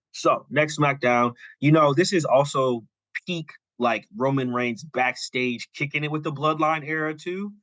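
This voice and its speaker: A man's voice: medium pitch, fairly bright tone, no echo. A male podcast co-host in casual chat, animatedly retelling a story and quoting characters.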